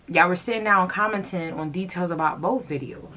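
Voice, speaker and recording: A woman's voice: on the low side, a little fast, sharp tone. A woman in her thirties ranting casually to her camera in a sassy, confrontational way, breaking into laughter now and then. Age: 30s. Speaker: fashion vlogger.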